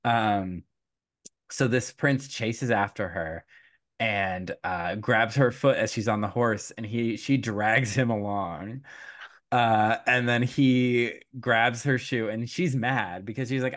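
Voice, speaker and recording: A young man hosting a podcast, casually retelling a folktale with lively quoted voices, laughs and fillers. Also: lowish voice. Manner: animated storytelling, quick quoted voices, frequent laughs and fillers. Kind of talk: casual chat.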